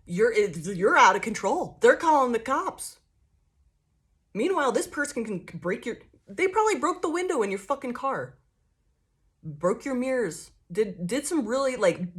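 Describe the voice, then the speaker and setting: A young woman giving a casual tarot reading, blunt and profane, ranting with lots of fillers, jittery from coffee. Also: medium pitch. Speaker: tarot reader.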